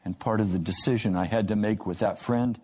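A man preaching a sermon, telling stories and acting out the voices in them with lively rises in pitch. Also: fairly quick, husky. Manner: storytelling, acting out quoted dialogue with rising pitch.

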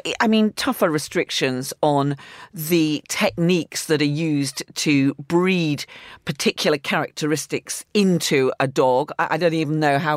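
Woman, radio guest, halting, filler-heavy delivery, dry studio mic. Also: deep voice, dry recording. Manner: hesitant, many fillers and restarts. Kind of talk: casual radio discussion.

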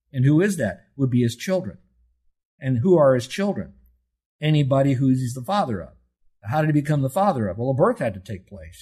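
Older pastor preaching, husky voice. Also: male voice, mid-range voice, a little mellow. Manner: emphatic, asks and answers his own questions. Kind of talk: sermon.

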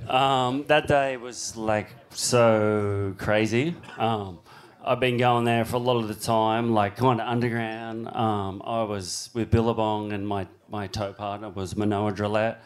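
A man's voice: fairly low pitch, a little slow. Middle-aged male surfer guest, casual, swears freely, acts out quotes. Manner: swears constantly, acts out quotes with rising animated voice. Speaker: guest big-wave surfer. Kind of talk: casual storytelling in a podcast chat.

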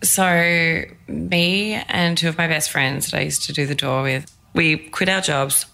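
A woman talks through her story in a loose, candid podcast chat, peppering it with "like". Her voice sits low with a gravelly fry, yet has a bright, forward tone. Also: steady tone, a little slow. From Australia. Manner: chatty storyteller, lots of "like", candid. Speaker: guest, fitness entrepreneur. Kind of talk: casual interview chat.

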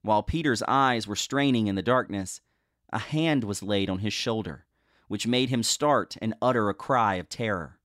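A male host giving a dramatic reading of an old ghost story in a measured, expressive storytelling manner. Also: lowish voice, dry recording, clean studio sound.

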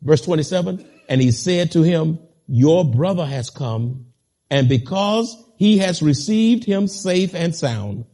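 A male preacher in full sermon, his voice sitting high and leaping wildly in pitch as he builds to impassioned peaks. He drags out scripture with heavy stress, then turns to the congregation and talks to them directly. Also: darkish tone.

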